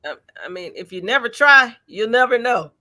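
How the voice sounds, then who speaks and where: A woman, a featured artist, answering interview questions in a lively, encouraging way with everyday examples. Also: a little high, moderate pace.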